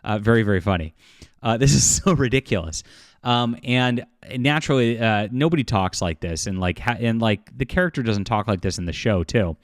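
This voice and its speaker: A man talking through a casual commentary vlog in a low voice. He halts often, restarts his sentences, and scatters derisive chuckles. The recording is dry and close, with no room sound. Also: lively intonation, no echo. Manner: halting, full of fillers and restarts, derisive chuckles.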